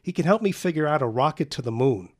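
A man's voice: a little high, animated, quick pace, darkish tone. Man doing a cocky kid inventor. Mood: eager. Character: clever young teenage boy inventor, cocky.

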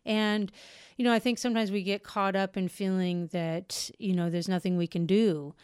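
In clean studio sound with no room noise, a middle-aged woman novelist from Portland, Oregon, United States, responds to interview questions as a guest in an earnest, reflective manner. Her voice is medium-pitched, a little mellow and clean, with fairly even intonation at a moderate pace.

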